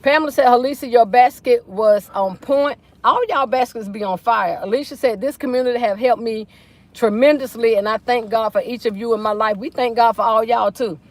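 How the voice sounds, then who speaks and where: Woman, livestream host, reads comments aloud, folksy, in a car, slightly high voice. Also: fairly quick, no room sound. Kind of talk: casual livestream chat reading comments. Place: inside a car.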